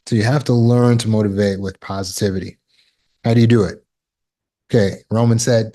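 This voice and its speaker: A man's voice: fairly low pitch, steady tone, fairly quick, mellow. A man giving a motivational talk as a self-help teacher, emphatic and repetitive, explaining with everyday examples.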